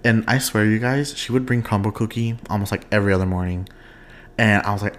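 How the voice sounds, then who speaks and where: A young man hosting his own podcast in casual, expressive chat, laughing often and wandering off on tangents. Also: lowish voice, brisk, a little hiss or hum. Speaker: podcast host.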